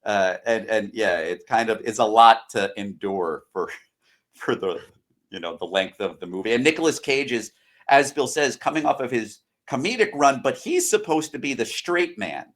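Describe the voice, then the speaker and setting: A man's voice: fairly low pitch, animated, normal speed, fairly bright tone. An American man in a casual film-discussion chat, giving long, rambling explanations. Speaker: podcast co-host or guest.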